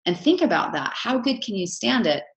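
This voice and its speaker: A woman's voice: mid-range voice, sing-song, normal speed, lo-fi sound. A woman coach talking to her group in a chatty, heartfelt way, often asking "right?". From Utah, USA. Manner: chatty, warm storytelling with many "right?" asides. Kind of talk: live online coaching session. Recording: roomy echo.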